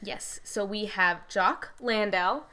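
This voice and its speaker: A woman's voice: mid-range voice, slow, bright, forceful tone, smooth. Playful woman podcast co-host. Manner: playful, joking banter. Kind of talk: casual sports chat.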